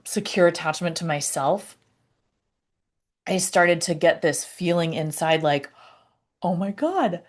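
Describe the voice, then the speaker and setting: A woman talking to camera about her personal healing, halting and searching for words with many fillers and restarts. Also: low voice. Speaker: vlogger. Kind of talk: reflective personal talk to camera.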